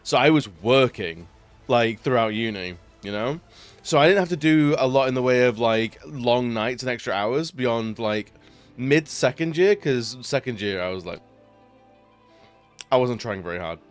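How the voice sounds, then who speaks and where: A man's voice: mid-range voice, expressive, moderate pace, clean tone, soft background music. Rambling young man streaming. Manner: rambling, laughs often. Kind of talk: casual chat.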